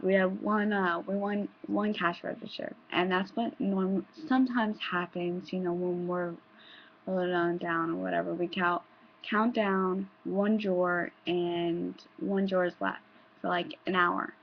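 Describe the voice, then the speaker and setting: A young woman vlogger telling stories in a rambling, casual way, with restarts and some swearing, in a dull lo-fi home recording. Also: on the low side. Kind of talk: casual storytelling.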